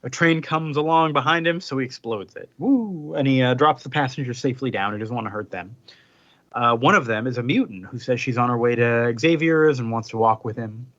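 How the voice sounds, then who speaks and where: A man's voice: mid-range voice, a little fast, fairly bright tone, no echo, dull audio. A man co-hosting a casual podcast, animatedly recapping a comic book story and switching voices for the characters. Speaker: podcast co-host.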